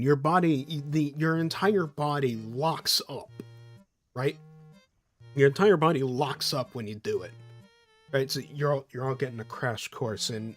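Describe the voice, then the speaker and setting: Slow, easygoing man streaming and chatting, rambling with restarts, faint music behind him. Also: medium pitch. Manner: rambling, loose and profane, with laughs and restarts. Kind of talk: casual live-stream chat.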